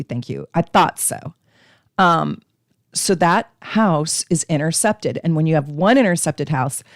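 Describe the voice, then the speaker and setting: A woman's voice: on the low side, no echo, studio quality. A woman hosting a live astrology stream, teaching casually and chatting with viewers, with frequent ums.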